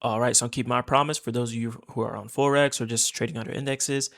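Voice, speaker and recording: A man's voice: medium pitch, fairly even intonation, fast, creaky. A man teaching as a trading instructor in a casual screen-share tutorial, chatty and repeating his points while calling his viewers guys.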